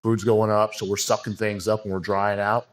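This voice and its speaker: In a casual podcast interview, the guest, a male bodybuilding coach, rambles frankly through a story, restarting often and leaning on fillers. He speaks at normal speed in a lowish voice with a level tone.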